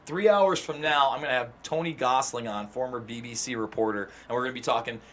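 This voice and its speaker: A man's voice: medium pitch, quick pace, a bit bright, slight background noise. A man hosting a casual livestream chat, emphatic and profane. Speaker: host.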